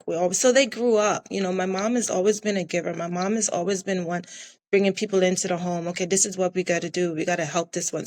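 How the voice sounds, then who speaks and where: A middle-aged woman from the Caribbean, a restaurant owner talking in a casual interview, earnest and repeating herself for emphasis. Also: lowish voice.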